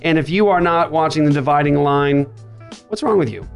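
A man hosting a Christian radio talk show from a makeshift studio, upbeat with quick banter. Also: fairly high pitch, creaky, faint music behind. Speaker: podcast host. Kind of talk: casual radio show chat. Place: makeshift studio writers' room.

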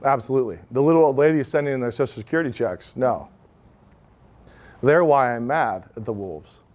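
A man's voice: medium pitch, a little fast, a little mellow. A man in his thirties giving an informal talk to an audience, telling stories in a conversational way with many asides. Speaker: speaker at a live event.

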